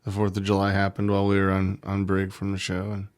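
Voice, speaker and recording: A man with a very low voice that hardly rises or falls. He co-hosts a podcast and talks casually and loosely, leaning on fillers as he goes. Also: completely flat delivery, fast. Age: adult, married. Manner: loose and rambling, heavy on "like" and "you know". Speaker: podcast co-host. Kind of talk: casual chat.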